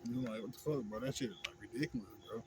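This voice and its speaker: A man rants to camera in a loose, profane vlog monologue. He circles back on his points and keeps checking in with "you know what I'm saying." His voice sits at an ordinary middle pitch, with a faint hiss of noise behind it. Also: rapid-fire. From Houston, Texas. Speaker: vlogger.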